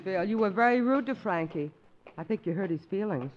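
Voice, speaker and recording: A woman's voice: medium pitch, expressive, a little fast, muffled recording, a crowd in the background, close to an everyday voice. A woman playing a gracious, scolding wife in a 1940s radio comedy, fussy like a hostess.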